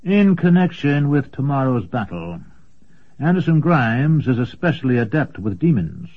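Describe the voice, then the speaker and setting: A man's voice: mid-range voice, very animated, moderate pace, pitched above the performer's own voice. A man voicing a haughty older male sorcerer who gives orders in a curt, raised voice. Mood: commanding. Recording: dull lo-fi recording.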